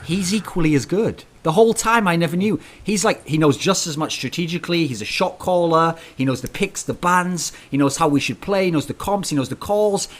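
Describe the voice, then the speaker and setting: A man hosting an esports talk show, animated and teasing as he presses his guest. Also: a little high, brisk, hardly any pauses. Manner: animated, teasing, mock-dramatic. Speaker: podcast host.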